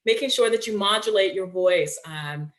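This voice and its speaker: A woman's voice: mid-range voice, normal speed. A woman presenting a webinar in a conversational way, often checking in with listeners and using fillers.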